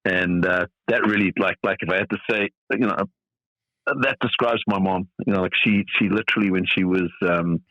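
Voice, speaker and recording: A man's voice: sits low, fairly even intonation, moderate pace, no echo, muffled recording. A middle-aged man from South Africa, a tennis coach being interviewed on a podcast, talking thoughtfully with many fillers and restarts.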